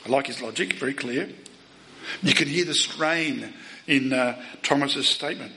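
A man preaching a sermon, emphatic, asking the listeners rhetorical questions and swinging between loud and soft. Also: mid-range voice, normal speed, creaky, low-quality recording.

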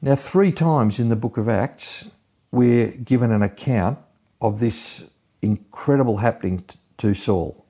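A man giving an expository Bible teaching, retelling scripture in a measured, explanatory way. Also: on the low side, warm tone, slightly rough.

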